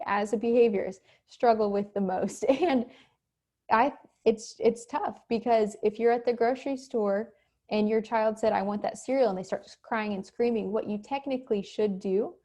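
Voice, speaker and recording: A woman teaching an online class from home, talking casually and acting out quick examples. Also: mid-range voice, dark tone. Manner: conversational, acts out quick examples. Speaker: instructor. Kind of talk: recorded online lecture. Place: home, cat nearby.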